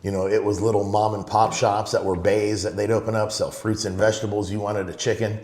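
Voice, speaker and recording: A man's voice: on the low side, little pitch movement, fairly quick, darkish tone, echoey room. A middle-aged man from Los Angeles, telling stories in a casual, rambling way and often saying "you know". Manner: rambling, fills with "you know", retells his father's sayings. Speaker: guest. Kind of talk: casual storytelling.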